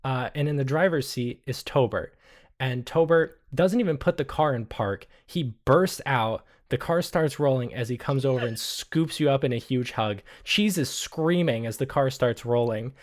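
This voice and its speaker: A man's voice: medium pitch, moderate pace. A man narrating a tabletop game as game master, casual and hesitant with many fillers.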